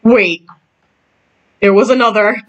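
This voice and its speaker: A woman's voice: medium pitch, slow, dull audio, faint music behind. A woman reading a game story aloud, breaking off into gushing, giggly fan reactions.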